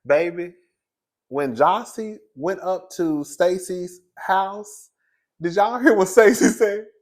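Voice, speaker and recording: A man giving casual, sassy commentary on a reality TV episode, chatty and quick to laugh. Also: sits high. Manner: sassy, chatty, laughs often, calls viewers "girl" and "baby". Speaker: reality TV reviewer.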